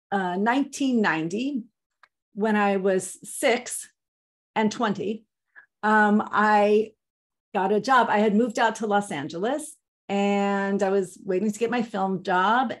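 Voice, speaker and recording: Teaching a seminar, a Jewish educator in her fifties wanders off into a personal story. Her middle-pitched voice carries eager warmth for the subject, and as an enthusiastic storyteller she fills her speech with frequent ums and restarts.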